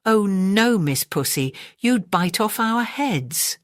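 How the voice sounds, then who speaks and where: A woman's voice: mid-range voice, animated, takes it slowly, no echo, studio quality, voice pushed up. An English woman doing tiny cheeky singing mice. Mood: chanting. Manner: sing-song, chanting rhymes.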